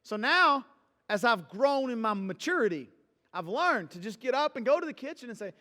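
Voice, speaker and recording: High-voiced pastor joking with his church. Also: very animated, normal speed, pushed and bright, big-room sound. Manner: conversational, joking with the congregation. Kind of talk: sermon. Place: church hall.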